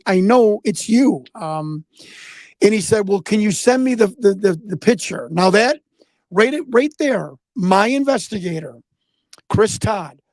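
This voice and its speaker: A man's voice: sits high, a little mellow, no echo. An American man telling a story in a casual interview, rambling, repeating words and acting out the voices he quotes. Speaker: guest investigator.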